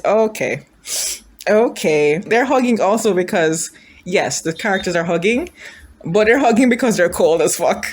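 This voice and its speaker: A woman's voice: medium pitch, lively intonation, normal speed. A woman chatting casually as she reacts to a drama, thinking aloud, gushing, and asking her viewers questions. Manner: emotional, gushing.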